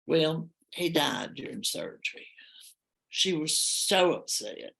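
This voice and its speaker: An older woman telling a personal story in a heartfelt, halting, emotional way. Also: low-pitched, expressive, vocal fry, a bit bright, rough recording. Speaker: storyteller guest.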